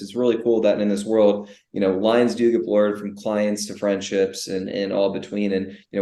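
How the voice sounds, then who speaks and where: A young man co-hosting a business podcast, animated and full of rhetorical questions, often restarting his sentences. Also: fairly low pitch. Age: young adult. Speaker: podcast co-host. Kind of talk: casual business podcast chat. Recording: echoey room.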